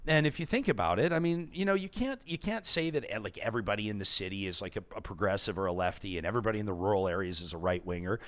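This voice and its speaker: A man with a Canadian accent hosting a casual talk show, speaking in an animated way with frequent restarts. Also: racing, few pauses. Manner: animated, restarts often, lively pitch swings.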